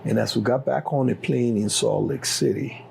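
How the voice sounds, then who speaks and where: A man's voice: mid-range voice, steady tone, moderate pace, creaky, a little mellow, a little hiss or hum, low-quality recording. A middle-aged man with a Liberian accent telling his story as an interview guest, acting out the dialogue with animation. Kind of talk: personal storytelling.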